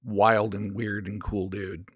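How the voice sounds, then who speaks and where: A man's voice: fairly low pitch, level tone, slow pace, breathy edge. A man co-hosting a podcast, chatting casually about films in a laid-back way with plenty of agreeing fillers. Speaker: podcast co-host. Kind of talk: casual chat about movies.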